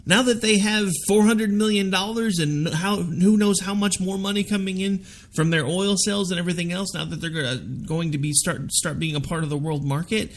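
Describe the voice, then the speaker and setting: Gravelly opinionated talk radio man. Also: sits high, a little fast. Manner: forceful, opinionated, argumentative. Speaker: radio talk show host. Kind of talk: political debate on talk radio.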